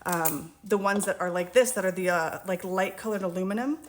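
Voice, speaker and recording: Woman baking cookies at home and talking you through it, friendly and reassuring, mid-pitched, lots of bowl and spoon clatter behind. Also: fairly quick, a little hiss or hum. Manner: chatty, reassuring, talks while working. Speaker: home baker teaching a recipe. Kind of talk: casual real-time cooking tutorial. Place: home kitchen. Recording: kitchen clatter of dishes and utensils.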